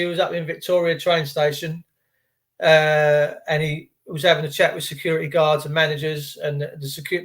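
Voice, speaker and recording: A man with a British accent and a high-set voice holds forth alone to the camera. He talks in a heated, emphatic way, circling back and repeating phrases to hammer his points home. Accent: British English. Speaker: host. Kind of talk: monologue rant to camera.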